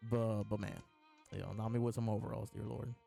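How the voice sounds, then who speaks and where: A man's voice: on the low side, flat delivery, brisk, gravelly, dark tone, soft background music. A man hosting a live reaction, reading lines aloud between laughs and restarts. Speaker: host reading and reacting to a comic chapter. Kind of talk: casual live reaction chat.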